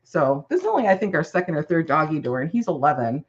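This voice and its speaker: A woman's voice: low voice, big pitch swings, fast, lo-fi sound. A woman chatting casually while crafting, rambling through family stories with giggles.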